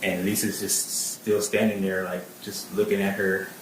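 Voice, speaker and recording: A man testifying as a witness in court, halting, repeating words and filling gaps with "like" and "um". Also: low-pitched, little pitch movement, roomy sound, a little hiss or hum, rough recording. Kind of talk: plain spoken testimony.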